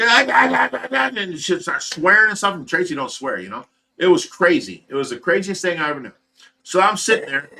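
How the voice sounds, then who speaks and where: This is a livestream host with an Ohio accent, talking casually and at length. His voice sits a little high and sounds bright and forward. He tells the story in a rambling, animated way and acts out the other people's lines.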